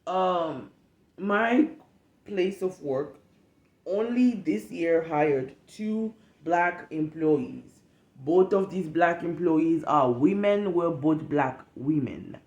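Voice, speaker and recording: A young woman from West Africa telling a casual storytime rant as a vlogger, animated and profane, acting out what people said. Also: sits low, takes it slowly, reverberant, dull audio. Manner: animated, profane, emphatic, acts out quotes.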